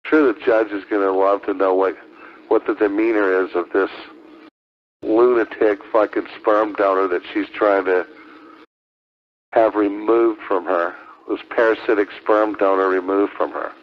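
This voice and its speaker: A man on ham radio speaks a little slowly in a lowish voice with fairly even intonation. The exchange is a heated on-air argument in which he taunts, uses profanity, and circles back to the same accusations repeatedly, carried over a lo-fi radio transmission.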